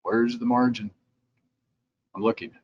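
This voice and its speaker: A man's voice: mid-range voice, fairly even intonation, a little slow, slightly rough, dull audio. A middle-aged man giving a conversational instructional talk for dentists, sometimes acting out their replies in quotes. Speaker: dental lab president giving a training talk. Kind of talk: instructional presentation.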